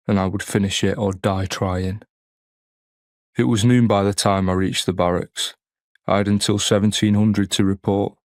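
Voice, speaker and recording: A man reading a first-person audiobook in a measured, restrained way. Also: on the low side, no room sound, studio quality. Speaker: audiobook narrator.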